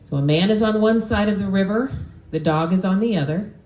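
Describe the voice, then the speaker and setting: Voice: medium pitch, a little fast, a little mellow, echoey room. A person at a porch gathering posing casual riddles to the listeners and checking their answers. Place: porch, outdoors.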